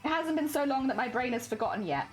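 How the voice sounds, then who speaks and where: A woman's voice: high voice, animated, fast, soft background music. A woman streaming live, chatting casually and playfully with her chat while she crafts.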